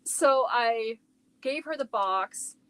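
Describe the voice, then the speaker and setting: A woman's voice: on the high side, animated, slow, a bit bright, clear, resonant tone. A middle-aged woman chatting casually on her crochet livestream from home, rambling and talking to viewers by name.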